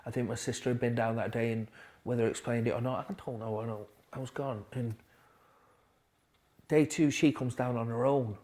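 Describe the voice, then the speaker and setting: A man, a podcast guest quietly telling his recovery story in a halting way, with restarts. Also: medium pitch, fairly even intonation. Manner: quiet, halting storytelling with restarts, dropping softer at hard moments.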